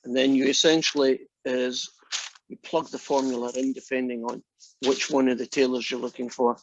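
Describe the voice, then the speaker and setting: In a level, mid-range voice at normal speed, a guy teaches a math class in a jokey, chatty way, talking through the steps conversationally. The casual lecture is captured in a dry, muffled, dull lo-fi recording with a little hiss or hum.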